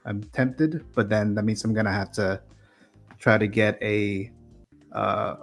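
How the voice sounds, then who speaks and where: A man's voice: fairly low pitch, steady tone, a little slow, creaky, soft background music. A man filling in as co-host on a casual livestream, speaking hesitantly with many ums and restarts. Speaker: guest co-host.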